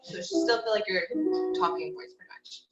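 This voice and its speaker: A woman's voice: medium pitch, fairly quick, echoey room, highs cut off, loud music behind the voice. A woman teaching a group voice lesson over a video call, coaching in an easy, encouraging way with plenty of fillers.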